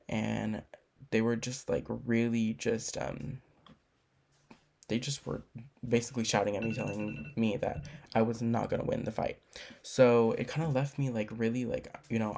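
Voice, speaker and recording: A man's voice: mid-range voice, vocal fry, darkish tone. A young man giving a class presentation, telling a personal story in a rambling, casual way with many filler words. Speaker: student presenter.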